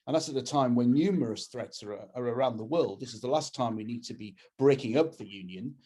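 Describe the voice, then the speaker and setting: English male campaigner, husky voice, opinionated webinar talk over a video call. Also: mid-range voice, brisk, mellow. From England. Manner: earnest and opinionated, with frequent restarts. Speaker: campaigns head speaking at a webinar. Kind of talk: political talk.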